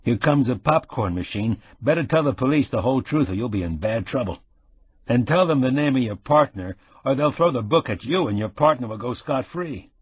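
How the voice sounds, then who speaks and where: Calm shrewd avuncular man, done by a male narrator, steady, husky, dry close sound. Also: medium pitch, fairly quick, dry recording. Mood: stern concern.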